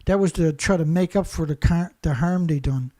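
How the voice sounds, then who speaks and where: At a normal speed, a male show host rants angrily, repeating himself and tossing out insults throughout his monologue. His voice is a little high and mellow.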